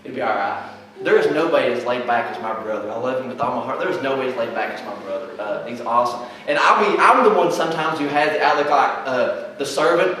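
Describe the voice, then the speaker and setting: A man's voice: mid-range voice, fast, few pauses, sharp tone. A man preaching a sermon, emphatic and fond of repeating rhetorical questions. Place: church sanctuary. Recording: very echoey hall, mic far off.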